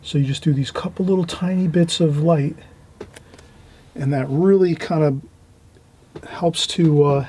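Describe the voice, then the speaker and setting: Husky-voiced man teaching watercolour. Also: on the high side, measured pace, pauses often. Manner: gentle, repetitive instructing, trailing off into quiet asides while painting. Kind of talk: painting demonstration.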